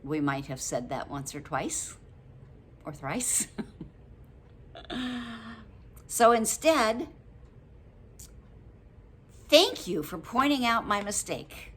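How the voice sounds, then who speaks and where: An older woman talking casually to camera about a book, chatty and quick to laugh, acting out example phrases. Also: medium pitch, big pitch swings, a bit bright. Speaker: book review vlogger.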